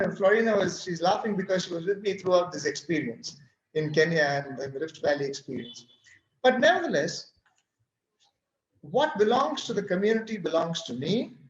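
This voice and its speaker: A man from India with an Indian English accent, speaking at a workshop and telling stories animatedly while acting out the dialogue. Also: high voice. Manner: animated storyteller who acts out dialogue. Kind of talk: storytelling talk. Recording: roomy, dull-sounding recording.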